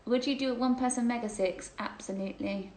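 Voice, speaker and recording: A woman's voice: fairly high pitch, steady tone, fast, darkish tone, roomy sound, poor audio. A woman hosting a casual livestreamed chat, reading out viewer questions, gushing and chatty and laughing often.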